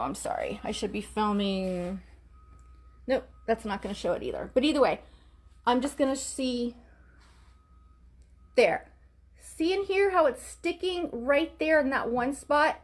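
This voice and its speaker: A woman painting furniture on a livestream, chatting to viewers and apologizing as she works some distance from the camera. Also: on the high side. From Florida, US. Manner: chatty, apologetic, talks to viewers while working. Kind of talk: casual live demonstration.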